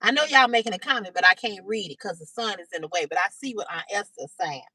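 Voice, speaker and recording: A woman hosting a casual livestream, retelling a story in a chatty, animated way and greeting viewers by name. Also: medium pitch, fast, husky, no room sound. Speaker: livestream host. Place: outdoors in sunlight.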